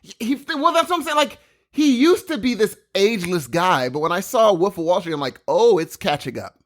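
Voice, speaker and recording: A man's voice: high voice, lively intonation, fairly quick, a bit bright. A man co-hosting a podcast in casual chat, rambling and calling his friend dude. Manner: rambling, says dude a lot. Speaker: podcast co-host.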